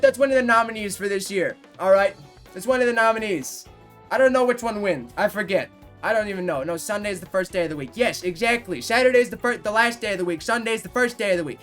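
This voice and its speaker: A man of about nineteen, a livestreamer chatting casually with his viewers, rambling and swearing, quick to fake outrage. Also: sits high, a bit bright.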